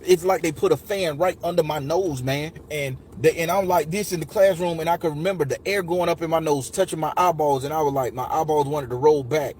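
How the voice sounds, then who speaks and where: A man's voice: a little high, steady tone, brisk, few pauses, a little mellow, a little hiss or hum. Profane emotional man telling a story. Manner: raw, profane, emotional, addresses listeners as y'all. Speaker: podcast storyteller. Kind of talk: casual storytelling.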